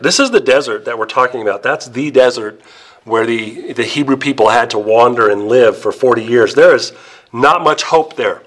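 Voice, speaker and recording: A male pastor delivers a sermon in a storytelling way, with a voice of ordinary middle pitch. He slows down and drops his voice low and soft to stress key words.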